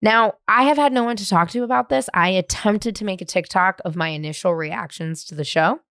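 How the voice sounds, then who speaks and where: A middle-aged woman hosting a podcast, telling an animated, profane story and acting out what people said. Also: medium pitch, a little fast, no echo, clean studio sound. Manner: animated, profane, acts out quoted lines. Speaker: podcast host. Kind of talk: casual storytelling chat.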